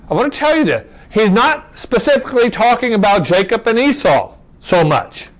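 Man with a higher voice, teaching scripture. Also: very animated, normal speed, poor audio. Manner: asks rhetorical questions and checks in with "okay?"; restarts phrases while reading verses aloud. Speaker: Bible study teacher. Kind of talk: conversational scripture teaching to a small class.

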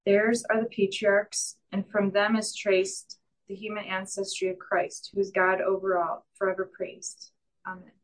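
A woman in a Bible study group reading a scripture passage aloud in a slow, measured way. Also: medium pitch, level tone, poor audio.

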